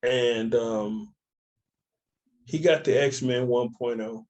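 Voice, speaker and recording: A young man co-hosting a casual chat, telling stories with animated voices for the people he quotes. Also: mid-range voice, slow. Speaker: podcast co-host.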